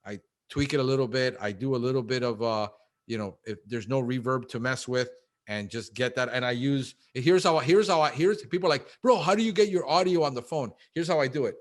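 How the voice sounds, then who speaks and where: A man talking casually in an interview, animated and fast, acting out little quotes and calling the host bro. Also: mid-range voice. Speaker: guest, pest control business owner.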